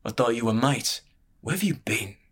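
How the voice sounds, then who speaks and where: A man voicing a greedy, wary old male barkeep who talks gruffly and says "aye". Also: medium pitch, animated, normal speed, fairly bright tone. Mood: grudging.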